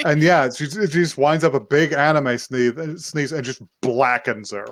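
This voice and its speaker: A man's voice: a little high, a little slow, slight background noise. A man co-hosting a podcast, casually recapping an episode with lots of fillers and restarts, acting out snippets of the characters' lines. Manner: rambling retelling with many fillers, acting out quoted lines. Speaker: podcast co-host.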